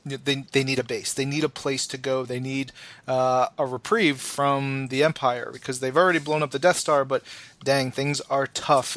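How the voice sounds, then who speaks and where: Brief: excitable male podcast co-host, mid-pitched, chatty, lots of ums. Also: no echo. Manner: enthusiastic, rambling with fillers. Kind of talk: casual chat.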